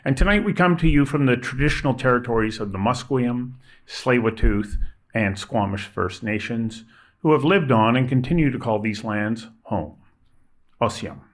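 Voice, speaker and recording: A man hosting a public affairs dialogue show, delivering a scripted introduction in a measured, emphatic way with deliberate stresses on key words. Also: mid-range voice, animated. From Canada. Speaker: host.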